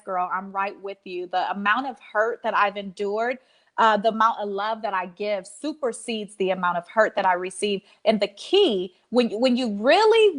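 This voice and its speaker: A woman's voice: on the high side, a bit bright. A woman in her thirties, a podcast guest and life coach, talking in an emphatic, preacher-like way and often repeating phrases. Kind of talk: casual heartfelt interview talk.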